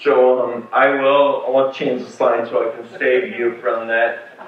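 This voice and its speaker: A man's voice: medium pitch, completely flat delivery, unhurried, noisy background. A man telling a personal story in a talk with slides, with many fillers and restarts. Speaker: speaker sharing a patient story. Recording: far-off mic in echoey hall, phone-like sound.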